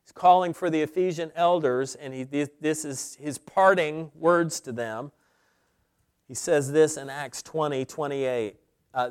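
Middle-aged guy preaching slow and emphatic, smooth clear voice, a bit higher pitched. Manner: deliberate, emphatic teaching with pauses. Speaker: pastor. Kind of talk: sermon.

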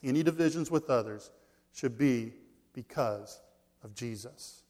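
A man preaching an expository sermon, reading scripture aloud. He stresses his points, repeats key phrases and swings between loud emphasis and quiet drops. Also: medium pitch, a little slow.

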